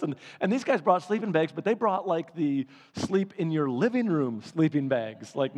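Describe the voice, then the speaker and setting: Animated preacher in a reverberant hall. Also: male voice, a little high. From Michigan. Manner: animated storytelling with laughs. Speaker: pastor. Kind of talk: sermon.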